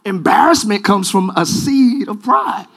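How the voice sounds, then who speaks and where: Man, pastor, live sermon, very high voice, bright, shouting, music and congregation behind. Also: measured pace, creaky. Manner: preaching with shouted call-and-response. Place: large church.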